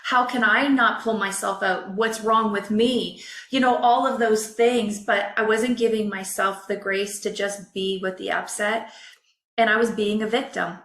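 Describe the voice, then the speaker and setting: A woman coach, a podcast guest, telling a personal story in a candid, emotional, expressive way. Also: medium pitch, unhurried, echoey room.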